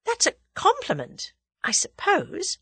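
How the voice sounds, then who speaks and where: A woman voicing a proud, frank young woman who answers in a brisk, snappish way. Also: very high voice, huge pitch swings, bright, forceful tone, no echo, clean studio sound, pitched above the performer's own voice, exaggerated voice. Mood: spirited.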